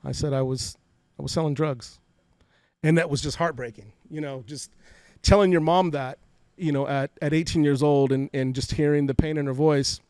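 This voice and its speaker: A fairly high-pitched man talks a little fast with fairly even intonation and a darkish, smooth tone. In his forties and from Fresno, California, he's a podcast guest candidly telling emotional stories from his life, often repeating words. The personal storytelling interview comes through a podcast studio mic without echo.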